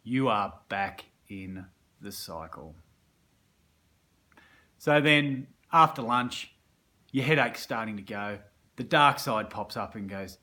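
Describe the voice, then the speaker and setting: A man's voice: on the low side, animated, takes it slowly, long pauses, sharp tone. An Australian man coaching on self-improvement through colloquial, vivid storytelling, acting out scenes as he goes. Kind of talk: motivational storytelling.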